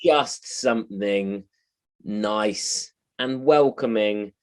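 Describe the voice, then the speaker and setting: London comedian guy on a video call, jokey, animated, keeps doing little voices. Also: fairly low pitch, very slow. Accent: London English. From London, England. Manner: animated, jokey, breaks into impressions. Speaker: comedian guest. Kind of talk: casual video-call interview.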